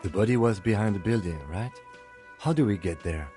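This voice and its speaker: A man's voice: lowish voice, brisk, warm tone, faint music behind, natural voice. A man playing a composed, formal police lieutenant. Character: calm, precise male police lieutenant. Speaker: detective partner.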